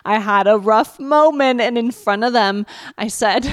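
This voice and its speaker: Woman in her thirties on a mom podcast, chatty and frank, a bit high, dry close sound. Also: unhurried, no echo. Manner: chatty, frank, gives advice plainly. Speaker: podcast co-host. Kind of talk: casual chat.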